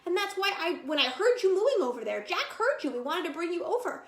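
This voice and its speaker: A woman leading a playful children's service, talking to small kids in an animated way. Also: very high-pitched, brisk. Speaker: children's song leader. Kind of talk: lively children's service with guitar. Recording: roomy, with loud guitar.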